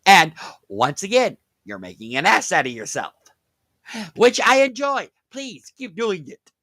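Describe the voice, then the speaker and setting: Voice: medium pitch, huge pitch swings, normal speed, pushed and bright, no echo. A reaction commentator with a sarcastic, mocking way of talking.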